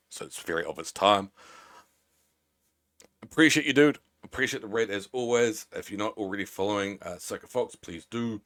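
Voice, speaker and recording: A man's voice: fairly low pitch, fairly bright tone. A man from New Zealand with a Kiwi accent, chatting playfully as a game streamer on a live stream. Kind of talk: casual live-stream chat.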